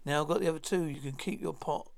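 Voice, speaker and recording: Man reading cruel villain commander, cold, menacing, gravelly. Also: fairly high pitch, fast talker.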